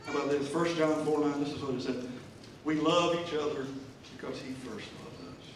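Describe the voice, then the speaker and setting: A man preaching a sermon, swinging from soft and slow to loud and emphatic. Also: on the high side, fairly even intonation, a little hiss or hum. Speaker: pastor. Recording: echoey church hall, mic at a distance. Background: band music playing.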